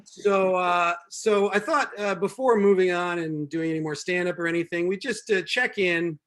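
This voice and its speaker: A man's voice: high-pitched, normal speed, fairly bright tone. A man doing a wry stand-up set and hosting a show from home over a video call, rambling with many ums and restarts. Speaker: comedian and show host.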